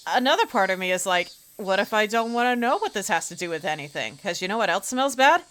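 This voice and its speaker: A woman streamer reading a visual novel aloud, keeping the narration even and breaking into casual, expressive asides. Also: medium pitch, fast.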